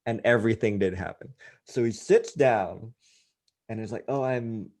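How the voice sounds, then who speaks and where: A man's voice: lowish voice, normal speed, a little mellow. A man, a life coach, telling a self-mocking anecdote in a chatty style, full of fillers and asides. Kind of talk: casual anecdote storytelling.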